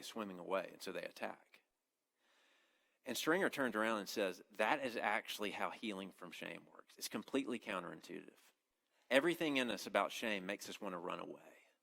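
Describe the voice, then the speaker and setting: A man delivers a sermon in an earnest, conversational way, often stopping and restarting his phrases. His voice sits low and has a gravelly edge. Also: fairly bright tone. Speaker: campus minister preaching.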